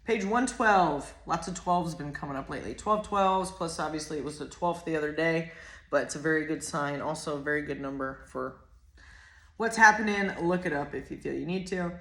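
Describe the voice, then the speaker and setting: Brief: woman, lowish voice, rambling card reader who gets excited and curses casually, echoey room. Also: a little fast, creaky. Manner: chatty, rambling, excitable, swears freely. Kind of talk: casual oracle card reading.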